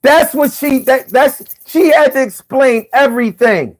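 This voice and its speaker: Heated, profane high-voiced man. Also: unhurried. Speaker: political commentator. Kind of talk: ranting commentary.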